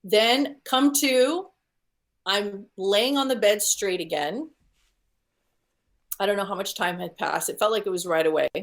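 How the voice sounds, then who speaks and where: A woman's voice: medium pitch, unhurried, long pauses. A woman, a guest on an interview show, telling a personal story in earnest detail with frequent restarts and fillers. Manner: earnest, vivid retelling with many restarts.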